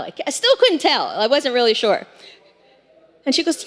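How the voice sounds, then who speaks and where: A woman in her forties telling a story live on stage, in a chatty, animated way with lots of fillers. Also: a little high, moderate pace, pauses often. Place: stage in a hall. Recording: long hall reverb.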